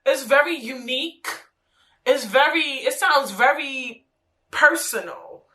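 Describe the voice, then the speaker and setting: A woman hosting her own podcast, talking alone in a casual, animated, profane way with lots of slangy asides. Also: high-pitched, slow. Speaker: podcast host. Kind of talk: casual solo podcast monologue.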